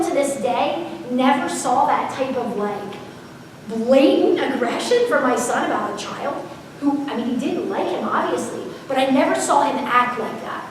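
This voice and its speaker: A woman giving a parenting seminar, telling stories in a chatty way and asking the audience questions. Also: fairly high pitch. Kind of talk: conversational seminar talk. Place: large echoey hall. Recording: echoey hall recorded from far off, faint hiss.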